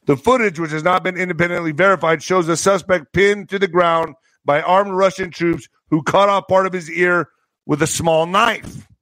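Sarcastic male streamer reading news, high voice, dry close sound. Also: a bit bright, no room sound. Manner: sarcastic, stumbles over words while reading. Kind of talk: casual news commentary.

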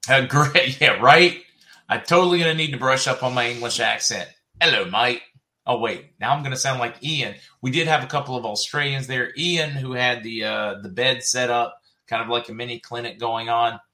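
Chatty Southern man with a bright voice. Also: medium pitch, normal speed. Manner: chatty, laughs often, jumps between comments. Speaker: host reading viewer comments. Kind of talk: casual livestream chat.

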